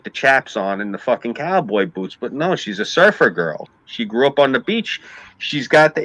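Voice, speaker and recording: Bright, ranting New York man. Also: medium pitch, dry recording, poor audio. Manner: ranting, profane, animated storytelling. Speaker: stream host. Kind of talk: casual chat.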